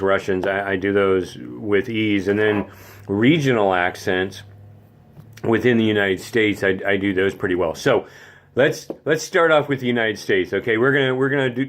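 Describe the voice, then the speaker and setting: A middle-aged man hosting a casual vlog as a zany, theatrical talker, slightly congested. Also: lowish voice. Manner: chatty, theatrical, self-mocking. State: slightly congested, clearing throat. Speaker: vlog host, infant room caregiver.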